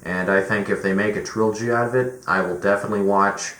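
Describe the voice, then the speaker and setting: Deep-voiced man ranting casually, roomy echo. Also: fairly even intonation, fast, fairly bright tone. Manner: rambling, profane, opinionated, many fillers. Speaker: movie reviewer. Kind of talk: casual spoken movie review. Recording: roomy echo with faint background noise.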